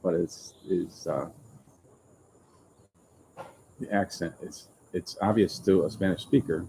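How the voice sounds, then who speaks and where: Deep-voiced man chatting casually live. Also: fairly even intonation, dark tone, slight background noise, rough recording. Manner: rambling, self-deprecating, halting. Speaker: YouTube channel host. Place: open-air restaurant overlooking the ocean.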